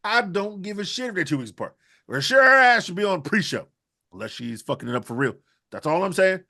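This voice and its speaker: A man with a high, bright voice delivers a rambling comic rant. His talk is loose and profane, full of riffs. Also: very animated, fairly quick, gravelly. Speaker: podcast co-host. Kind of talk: comedic rant.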